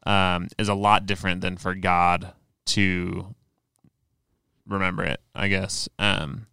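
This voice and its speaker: A man's voice: low-pitched, level tone, takes it slowly, creaky, sharp tone, clean tone, no echo. A man co-hosting a podcast, explaining religious ideas earnestly in casual chat with many fillers. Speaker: podcast co-host. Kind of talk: casual faith discussion.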